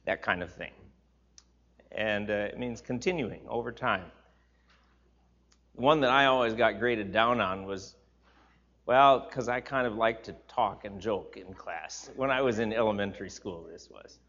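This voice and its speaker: Animated man teaching a Bible class. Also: lowish voice, a little slow. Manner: animated, emphatic repetition, chatty asides to listeners. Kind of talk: informal sermon teaching. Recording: slightly dull, lo-fi recording.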